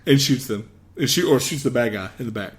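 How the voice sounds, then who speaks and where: A man's voice: mid-range voice, lively intonation, a little fast. A man co-hosting a podcast, animatedly recapping a movie and acting out its scenes in big voices. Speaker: podcast co-host. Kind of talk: casual movie recap chat.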